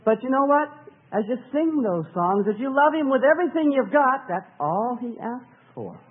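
Man in the pulpit, animated worship teacher with a husky edge, on a tinny, telephone-thin old tape. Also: very high-pitched, normal speed. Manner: earnest, animated, sings short phrases to illustrate.

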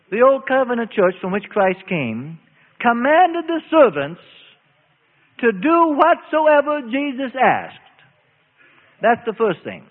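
Slow, emphatic and full of drawn-out phrases, a man preaches a sermon in a high, animated voice at a deliberate pace. The audio is thin and phone-like, captured in a hall with long, echoing reverb.

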